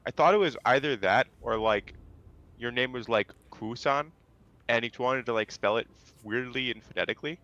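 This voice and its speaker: A man's voice: mid-range voice, moderate pace, bright, forceful tone, dull audio. A young man playing a co-op game with friends, chatting casually and rambling about his build. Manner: rambling, self-deprecating. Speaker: co-op player. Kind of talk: casual gaming chat.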